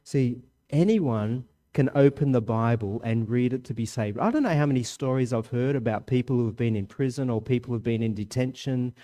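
A man, a parent of a young child, preaching a sermon with strong swings of pitch and volume for emphasis. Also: brisk, dark tone.

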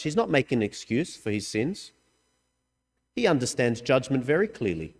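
Earnest preacher in a reverberant hall. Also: male voice, animated, normal speed. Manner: earnest, emphatic, with sudden swings in pitch and loudness. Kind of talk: sermon.

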